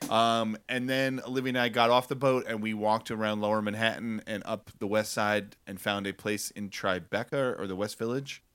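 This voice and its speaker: A man's voice: fairly low pitch, little pitch movement, normal speed, few pauses, a bit bright, clean tone. A man in his thirties, a podcast co-host, rambling easily through a casual story. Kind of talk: casual chat.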